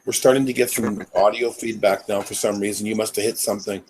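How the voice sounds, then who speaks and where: A man's voice: on the low side, steady tone, fast, noisy background. A man hosting a casual live chat on a video call, questioning and pushing back on his guest. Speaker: host.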